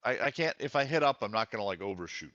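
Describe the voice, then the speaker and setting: A man playing a game without sight, asking halting questions and restarting his sentences as he learns it. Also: fairly low pitch, big pitch swings, pushed and bright, dry recording, highs cut off. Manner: hesitant, halting, asks questions, restarts often. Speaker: blind guest player. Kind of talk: casual game stream chat. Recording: faint background hum.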